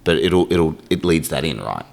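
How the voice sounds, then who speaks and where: A man's voice: rumbling low, sing-song, moderate pace, gravelly. A man speaking candidly as a podcast guest, emotional and swearing freely, acting out his inner voice. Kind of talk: candid conversation.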